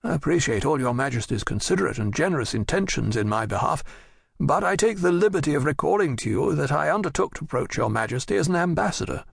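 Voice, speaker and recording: A man's voice: a little high, expressive, fast, vocal fry, slightly rough, no echo, studio quality, heavily acted. A man voicing a dignified older nobleman and father who pleads in courtly, earnest speech in an audiobook. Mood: pleading.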